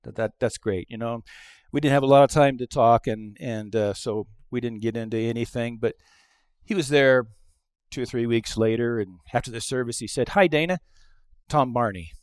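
A middle-aged male pastor delivering a conversational sermon, telling stories and acting out quoted lines, moving between hushed asides and loud exclamations. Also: medium pitch, fairly even intonation, moderate pace, smooth, no echo, studio quality. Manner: conversational storytelling with acted-out quotes.

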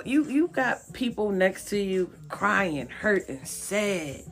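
Soft music underlies a woman's slow, mid-range delivery with few pauses as she casually reads tarot for her audience. Blunt and foul-mouthed but supportive, she coaxes her viewers along and repeats herself to drive things home.

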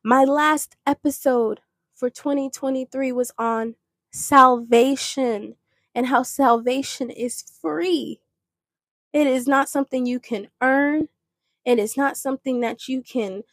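A podcast host shares her personal faith testimony in an earnest, rambling way, restarting as she goes. Her voice is high-pitched and slow, with no echo.

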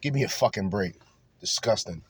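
A man's voice: fairly low pitch, lively intonation, moderate pace, breathy edge, dry recording. A man hosting a reaction commentary show, ranting crudely and mockingly with lots of profanity. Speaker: commentary podcast host.

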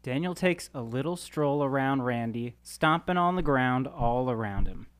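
Stage directions reader, measured, even mid pitch. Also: clean tone, no room sound. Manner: measured narration.

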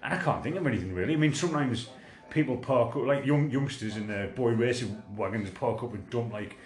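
A man tells a meandering story in a relaxed podcast chat, full of swearing and self-mockery. His voice sits at a middling pitch, and the room around him sounds noticeably echoey. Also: brisk.

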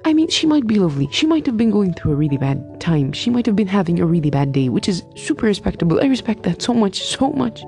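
A young woman in her twenties tells a story in a casual vlog, rambling and emphatic, tripping over fillers and restarting her sentences. Her voice is dark and mellow with a gravelly fry running through it. Faint music plays underneath. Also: mid-range voice, sing-song, quick pace, hardly any pauses. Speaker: medical student.

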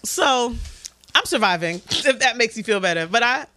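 A young woman, casually chatting as a podcast co-host and telling animated, slangy stories. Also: a little high. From New York. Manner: animated storyteller, quick asides, slangy. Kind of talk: casual chat.

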